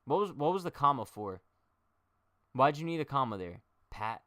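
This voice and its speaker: A man's voice: mid-range voice, very animated, normal speed, sharp tone, no echo, clean studio sound. A young man hosting a casual baseball livestream, chatting and joking straight to his viewers. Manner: chatty, jokey, talks to chat directly.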